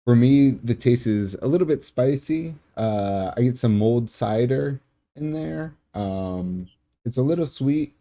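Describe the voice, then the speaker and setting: A man reading out his whisky tasting notes in a methodical, measured way with frequent ums. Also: mid-range voice, lively intonation, mellow. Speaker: whisky taster.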